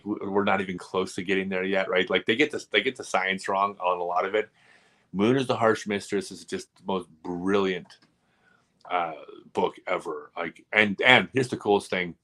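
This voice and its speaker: A man hosting a casual live stream, telling rambling, animated stories full of asides. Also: lowish voice.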